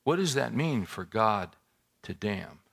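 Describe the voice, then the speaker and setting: A man's voice: fairly low pitch, takes it slowly, gravelly, slightly rough. A male pastor preaching a sermon in a church, speaking conversationally, asking the congregation questions and repeating himself as he builds a point. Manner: conversational, animated preaching with rhetorical questions and repetitions.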